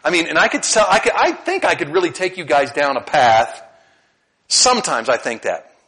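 A middle-aged male pastor preaching a conversational sermon, often repeating words and rising into animated bursts. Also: a little high, normal speed, poor audio.

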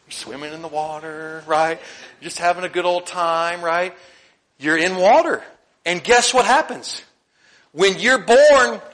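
A man's voice: a little high, fairly bright tone. A male preacher delivering a conversational sermon, asking the congregation questions and laughing often.

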